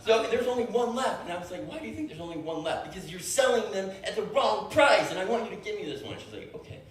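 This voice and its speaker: A man's voice: high voice, quick pace. A young man telling a comedic story to an audience, acting out the dialogue with lots of laughter. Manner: animated, acts out every line of dialogue, laughs often. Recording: echoey room, voice from a distance.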